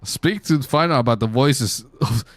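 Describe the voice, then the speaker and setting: A man's voice: medium pitch, normal speed, dry recording. A man playing a story game live, chatting to his viewers in a joking, irreverent and rambling way. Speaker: streamer. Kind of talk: casual game commentary.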